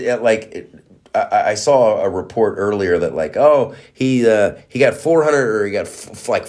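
A man hosting his own podcast, talking in a low register at a slow, deliberate pace. His pitch leaps around animatedly as he vents, indignant and profane, tripping over his own restarts. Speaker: podcast host. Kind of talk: political podcast monologue.

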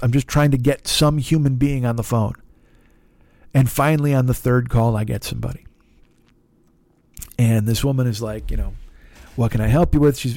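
A man's voice: mid-range voice, a little mellow, no room sound. A man hosting a podcast, telling a frustrating story in a casual monologue, swearing often and acting out both sides of the conversation. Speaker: podcast host.

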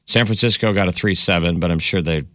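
A man's voice: low-pitched, fast talker, a bit bright, no room sound, clean studio sound. A man co-hosting a radio show, chatting casually and joking about the news. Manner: jokey, adds his own comments and stats. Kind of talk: casual banter.

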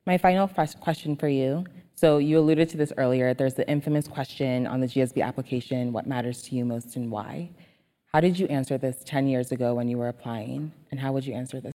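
A woman interviewer asking questions on stage in a relaxed way. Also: very deep voice, a little fast, in a large hall.

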